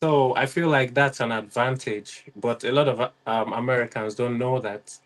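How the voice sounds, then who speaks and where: A man's voice: mid-range voice, steady tone, moderate pace, poor audio. Man, casual chat, explains step by step. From Nigeria. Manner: conversational, lots of "you know", explains with examples.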